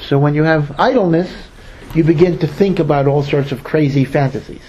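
A man's voice: a little high, normal speed, darkish tone, a little hiss or hum, low-quality recording. A man, a rabbi, giving a Torah sermon in a storytelling way, repeating words for emphasis and acting out the people he quotes. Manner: acts out quoted speakers.

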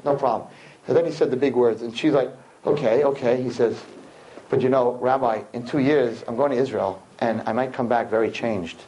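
A man, a rabbi telling a story to a live audience in an animated sermon, acting out the people in it. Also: fairly quick, roomy sound, muffled recording, a little hiss or hum. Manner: animated storyteller acting out quotes, swinging loud and high. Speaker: rabbi giving a talk to young people.

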